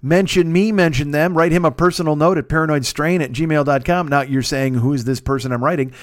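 A podcast host in his forties with a fairly high voice rambles quickly through casual podcast plugs, swearing freely, mocking himself, and restarting sentences. He's recorded dry and close on a desk microphone in his apartment.

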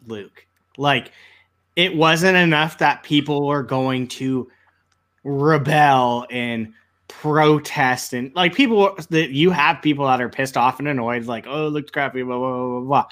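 Brief: male co-host, slightly high voice, rambling, animated delivery. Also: takes it slowly. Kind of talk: casual chat.

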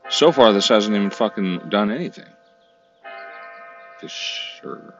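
A man's voice: fairly low pitch, lively intonation, unhurried, dull audio, music in the background. A man giving casual, swearing commentary to himself while browsing online, exasperated and talking under his breath.

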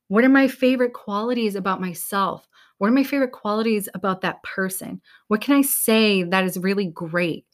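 Young new woman, peppy motivational podcast talk, casual, swears a bit. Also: mid-range voice. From New England. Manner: upbeat, casual, swears now and then. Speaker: podcast host.

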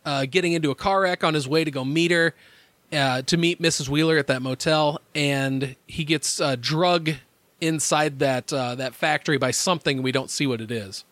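A man's voice: on the high side, steady tone, moderate pace, fairly bright tone, dry recording. A man co-hosting a casual podcast chat, laughing often and swearing freely. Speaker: podcast co-host.

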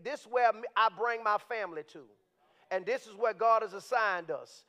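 High-voiced animated male preacher. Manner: animated, conversational, rising to shouts. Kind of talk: sermon. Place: church sanctuary. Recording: dull, lo-fi sound.

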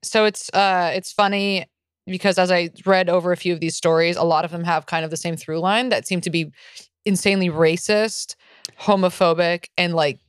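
A woman with a slightly low voice, talking casually as a podcast co-host. She tells stories with energy, restarts her sentences and acts out other people's lines. The sound is close and dry. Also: moderate pace, clear, resonant tone, dry recording. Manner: animated storyteller, acts out quoted lines with frequent restarts. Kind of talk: casual chat.

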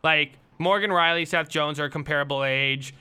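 Podcast guy steering the talk, super bright clear voice, kinda jokey. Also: fairly high pitch, fairly even intonation. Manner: leads the topics, quick and joking. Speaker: podcast co-host. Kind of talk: casual sports chat.

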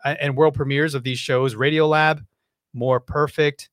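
A man co-hosting a podcast, chatting in a lively, playful, upbeat way. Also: on the high side, normal speed, no echo. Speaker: podcast co-host. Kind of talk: casual chat.

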